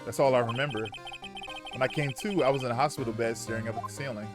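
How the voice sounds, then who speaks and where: A man with a medium-pitched voice reads game dialogue aloud in a dramatic tone, breaking into casual, cursing asides. Game music plays steadily behind him. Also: steady tone, quick pace. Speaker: streamer. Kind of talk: reading game dialogue aloud on a live stream.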